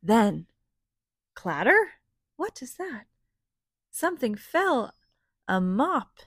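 A woman reading a picture book aloud to children, animated and asking them to join in with sounds. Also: on the high side, extremely slow, slightly rough, dry recording, clean studio sound.

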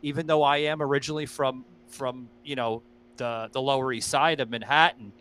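A man's voice: mid-range voice, fairly even intonation, brisk, fairly bright tone. A man with a New York accent hosting a podcast, chatting casually with many stammered restarts. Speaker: podcast host. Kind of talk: casual chat.

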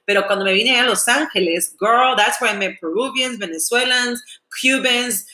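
A woman's voice: fairly high pitch, normal speed, sharp tone. Woman, late 30s, TV host as guest, casual chat, Spanish-English mixing, echoey room. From San Diego, US. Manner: chatty, mixes Spanish into English, says "like" often. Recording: roomy echo.

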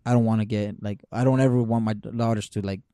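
A man's voice: lowish voice, fairly even intonation, fast talker, warm tone, no echo, clean studio sound. A young man casually telling a story on a podcast, rambling with many fillers and curse words.

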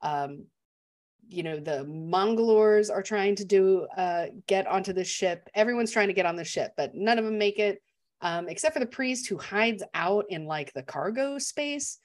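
Woman, podcast co-host, chatty animated movie talk, mid pitch. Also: moderate pace. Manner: chatty and animated, laughs often. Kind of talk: casual movie discussion.

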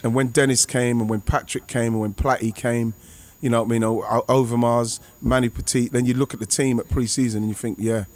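A former footballer, telling a rambling, excitable anecdote over a remote call. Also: male voice, mid-range voice, brisk, few pauses. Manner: rambling, excitable, many restarts and fillers. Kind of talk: casual anecdote on a podcast.

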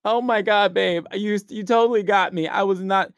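A man's voice: sits high, steady tone, moderate pace, smooth, no echo, studio quality. A man mocking a gushing lovesick boyfriend. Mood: gushing mockery. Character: whiny, doting lovesick young boyfriend.

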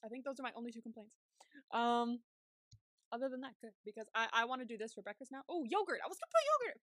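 A woman's voice: on the high side, lively intonation, quick pace, a bit bright, dry recording, clean studio sound. A young woman co-hosting a podcast in casual chat, laughing often and acting out her own reactions. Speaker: podcast co-host.

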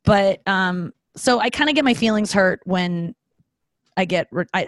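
A woman's voice: medium pitch, moderate pace, no echo. A woman hosting a casual solo podcast from home, chatty and self-deprecating, rambling with many fillers and acted-out asides. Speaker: podcast host. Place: home, talking to her dog.

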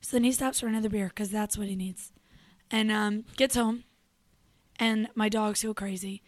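A young adult woman co-hosting a show, telling a story in casual chat, animated and profane, acting out what people said. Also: medium pitch, moderate pace, no echo. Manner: animated, profane, acts out quotes. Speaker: radio show co-host.

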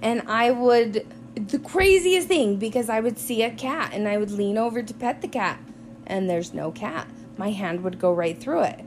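A woman's voice: on the high side, animated, normal speed, a little hiss or hum. A woman earnestly recounting her own strange experience in casual chat, chiming in on a shared story. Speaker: podcast guest.

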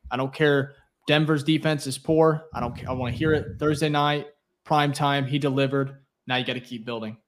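A man co-hosting a casual sports podcast, relaxed and thankful, rambling with fillers. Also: mid-range voice, normal speed. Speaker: podcast co-host.

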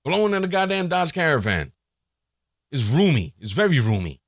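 A man's voice: fairly high pitch, very animated, normal speed, dry recording, clean studio sound. A man hosting a casual solo podcast, crude and joking, rambling with lots of fillers and restarts. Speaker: podcast host.

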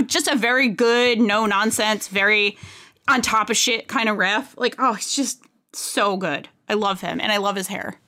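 A woman co-hosting a podcast, chatting casually in a gushing, excitable way and swearing freely. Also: on the high side. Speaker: podcast co-host. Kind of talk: casual chat.

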